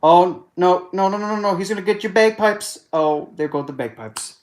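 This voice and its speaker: A man's voice: high-pitched, moderate pace, pitched above the performer's own voice, close to an everyday voice. A man doing a frantic, yelping Scotsman. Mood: panicked. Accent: put-on Scottish. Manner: loud, panicked exclamations. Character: frantic Scottish man watching a monster attack.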